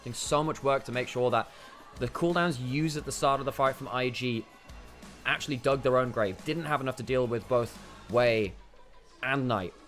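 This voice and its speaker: Man, esports analyst caster, mid pitch, analytical, faint music behind. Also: moderate pace. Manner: analytical, rising with excitement. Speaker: esports commentator. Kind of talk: esports color commentary and wrap-up.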